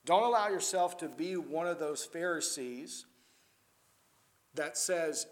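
Male preacher, higher-pitched voice, emphatic, loud-to-quiet sermon delivery. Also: takes it slowly, pauses often.

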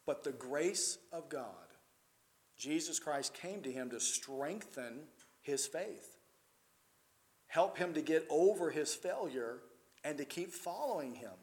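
A man preaching a sermon in a church, swinging between loud emphatic stretches and quiet, intense ones. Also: a little high, animated, slow pace.

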